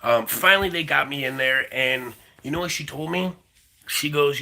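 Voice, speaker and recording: A man's voice: on the high side, normal speed, creaky, bright, forceful tone, rough recording. A young man telling a long rambling story in a casual vlog, full of fillers and repeated words. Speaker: vlogger.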